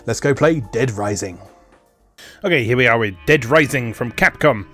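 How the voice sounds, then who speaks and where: A man's voice: mid-range voice, lively intonation, normal speed, sharp tone, soft background music. A man giving casual, wry gameplay commentary as host of a retro game video, chatty with plenty of fillers.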